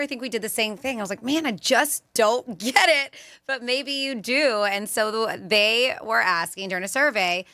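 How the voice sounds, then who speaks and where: A woman's voice: mid-range voice, bright, forceful tone, no room sound. A woman co-hosting a radio show in casual chat, reading a survey list and laughing now and then. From Florida. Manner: chatty, laughs, reads off a list. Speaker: radio co-host.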